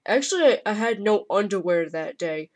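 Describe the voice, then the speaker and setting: A woman's voice: mid-range voice, expressive, normal speed, close to an everyday voice. A woman voicing a crude giant male wrestler who rambles through a story. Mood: rambling.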